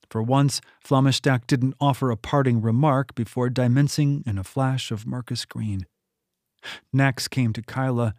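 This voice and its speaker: A man reading a fantasy novel aloud in a steady storytelling manner. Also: no room sound, studio quality. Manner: steady storytelling read, lifting pitch for quoted characters. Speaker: audiobook narrator. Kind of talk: scripted narration.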